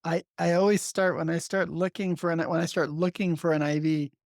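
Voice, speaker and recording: A man's voice: on the high side, level tone, a little fast, no room sound, studio quality. A man hosting a podcast, chatting casually with brief reactions and asides. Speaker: podcast host. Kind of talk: casual chat.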